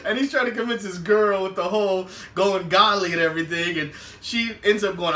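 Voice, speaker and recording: Animated high-voiced man recapping a show. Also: fairly quick, distant mic, a little hiss or hum. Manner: animated, laughs often, acts out quotes. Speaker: podcast host. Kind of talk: casual TV episode recap. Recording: roomy, away from the mic.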